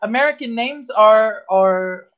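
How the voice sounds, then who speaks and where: A woman's voice: a little high, slow pace, a bit bright, lo-fi sound. A woman hosting a live online talk show, chatting casually with many restarts and easy laughter. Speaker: host.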